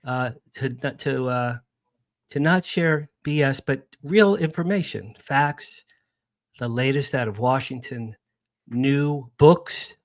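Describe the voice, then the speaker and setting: A man's voice: mid-range voice, slow pace, dry recording, clean studio sound. A man speaking as a guest on a radio show, chatty and enthusiastic, rambling with restarts. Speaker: guest, publicist. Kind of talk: casual radio interview chat.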